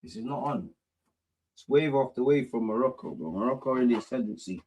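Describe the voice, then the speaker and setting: Excitable man reacting to football. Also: medium pitch, a little fast, slightly rough. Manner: excitable, swears a lot, shouts at goals; mutters quietly to himself between outbursts. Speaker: watch-along host. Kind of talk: live football watch-along reaction.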